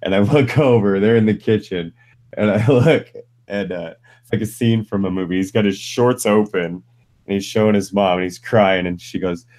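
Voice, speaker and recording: A man with a very low, deep voice chats loosely as the host of a live stream. He tells crude stories, swears freely and breaks into laughter mid-story. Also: moderate pace, darkish tone. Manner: profane, storytelling, laughs while telling. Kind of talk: casual chat.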